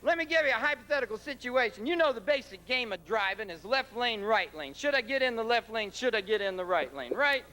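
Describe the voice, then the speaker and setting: On stage at a big concert venue, a comedian rants brashly and profanely, fairly quick and with few pauses. His very high-pitched voice is animated, pushed and bright. The live concert recording picks up crowd noise and laughter.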